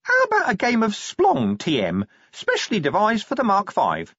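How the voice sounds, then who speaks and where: Small nagging imp, high-pitched, babbling, storybook. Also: male voice, wildly swooping pitch, moderate pace, a bit bright, husky, no echo, highs cut off, heavily acted. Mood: eager shrill. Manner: eager, babbling, accusing. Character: small pushy imp inside a pocket organizer.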